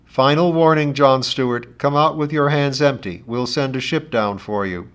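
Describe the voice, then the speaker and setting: A man voicing a commanding male officer who booms orders from a ship in a loud, authoritative way. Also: normal speed, smooth, natural voice.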